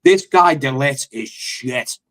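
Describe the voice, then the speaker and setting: A man's voice: mid-range voice, animated, slow, fairly bright tone. A man, a football fan on a live call-in panel, talking bluntly, swearing often and telling stories as he rants about his team. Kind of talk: heated fan call-in rant.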